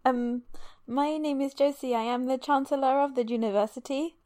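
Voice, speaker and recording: A woman's voice: high-pitched, fairly even intonation, normal speed, warm tone. A woman co-hosting a podcast over a video call, playful and a little hesitant in casual chat. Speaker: podcast co-host.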